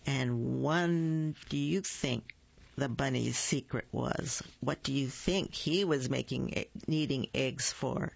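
A woman reading picture books aloud to children, slow and gentle, asking her listeners questions. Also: a bass voice, gravelly, breathy edge, no room sound. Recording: dull lo-fi dry recording.

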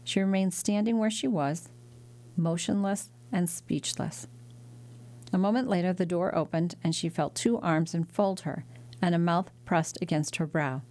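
A woman reads a classic novel aloud in a measured, steady manner. Her voice sits on the lower side. She tells the story as scripted audiobook narration.

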